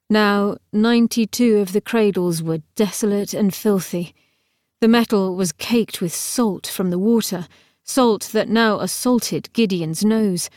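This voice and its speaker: A woman reading a novel aloud as narrator in a measured, expressive storytelling manner. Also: mid-range voice, no room sound, clean studio sound. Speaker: audiobook narrator. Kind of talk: scripted narration.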